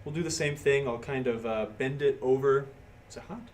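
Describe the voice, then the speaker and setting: A brisk, mid-range male voice with a darkish tone narrates a pinball circuit board repair live from a workbench. He chats with viewers, reads their comments, and casually explains each step, with slight background noise in the audio.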